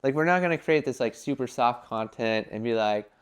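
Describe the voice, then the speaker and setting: A young man giving casual business advice in a vlog, talking animatedly and filling his talk with "like" and quick acted-out quotes. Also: mid-range voice, clean tone. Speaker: entrepreneur giving brand advice.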